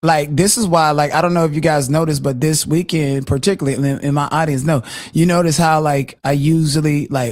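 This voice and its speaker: A man speaks a little high for his sex, rattling off blunt, foul-mouthed opinions with constant restarts. The sound is dry and close, with no room around it. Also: fairly even intonation, darkish tone, no room sound. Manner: blunt and profane, fast with many restarts. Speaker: guest on a live show. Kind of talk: casual live-stream chat.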